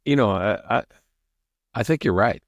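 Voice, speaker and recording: A man with a somewhat low voice chats on a podcast, laughing as he tells stories and tripping over his own restarts. His voice is recorded close and dry, with no room sound around it. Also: animated, unhurried, no echo. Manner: laughs often, stammers and restarts, acts out quoted people. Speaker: podcast co-host. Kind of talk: casual chat.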